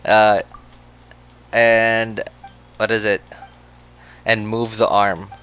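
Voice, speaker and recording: A man's voice: on the low side, little pitch movement, very slow, bright, forceful tone, clean tone. A man chatting casually on a game livestream, rambling with many restarts and frequent laughs. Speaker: game streamer.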